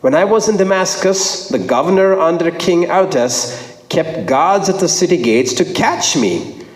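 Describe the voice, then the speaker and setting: A male preacher delivering a sermon with a lively, swooping voice that climbs high for emphasis and drops low again. He repeats his phrases for weight. The sound rings through a roomy hall with a long echo trailing behind him. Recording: echoey hall with long reverb.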